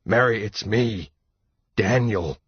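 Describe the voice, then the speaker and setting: A man's voice: lowish voice, takes it slowly, husky, dry recording, voice pushed up, exaggerated voice. A man voicing a sick, desperate young man who pleads urgently, in a dull lo-fi audiobook recording. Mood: pleading. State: weak and unwell.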